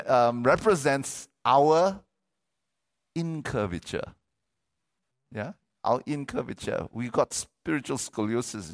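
A middle-aged male pastor preaching a sermon, animated, repeating words and asking for amens. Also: mid-range voice.

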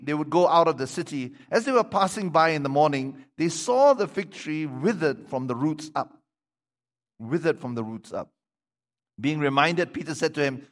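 Preacher in a reverberant hall. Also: male voice, a little high. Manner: reads scripture aloud and breaks off to comment to the congregation. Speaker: pastor. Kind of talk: sermon with scripture reading. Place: church sanctuary.

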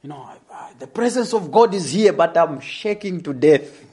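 A young adult man telling a testimony in a sermon, animated and laughing as he tells the story. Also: a little high, normal speed. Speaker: preacher.

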